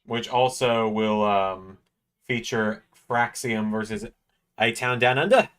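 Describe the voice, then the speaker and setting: A young man hosting a casual watch-along, chatty and knowledgeable with quick asides. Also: mid-range voice, a bit bright, clear, resonant tone. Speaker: host.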